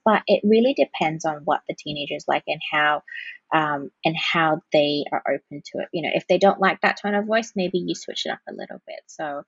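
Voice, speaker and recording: A woman's voice: fairly low pitch, gravelly, slightly rough, no room sound, dull audio. A woman counsellor answering podcast questions in a practical, explanatory way with example phrases. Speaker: parent-child counsellor, guest.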